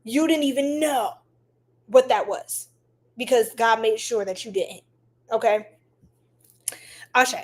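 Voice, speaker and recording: A woman's voice: a little high, slow pace, long pauses, darkish tone. A woman hosting a livestream tarot reading, chatting affectionately with viewers and reading their comments aloud. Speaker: tarot reader livestream host.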